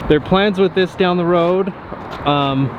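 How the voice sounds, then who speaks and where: A man's voice: sits high, slow pace, muffled recording. A man giving a casual, upbeat walkaround of a truck in a vlog, with frequent fillers. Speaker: truck reviewer. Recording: windy outdoor noise.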